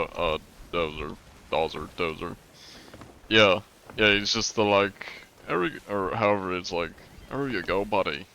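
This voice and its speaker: A man streaming a game live, chatting in a relaxed, rambling way and swearing casually. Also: on the low side, a little hiss or hum. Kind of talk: casual live-stream chat while gaming.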